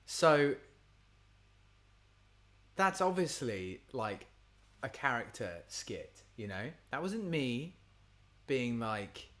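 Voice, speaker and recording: A man's voice: mid-range voice, very animated, extremely slow, pauses often, a bit bright. A man, chatting casually and rambling on a livestream for his supporters as a singer-songwriter. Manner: rambling, chatty, lots of fillers.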